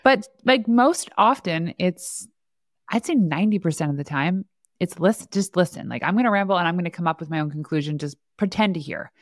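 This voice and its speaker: A chatty woman host with a lowish voice tells stories and laughs often. The recording is dry and close. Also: lively intonation, brisk, no echo. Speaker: podcast host. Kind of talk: casual conversation.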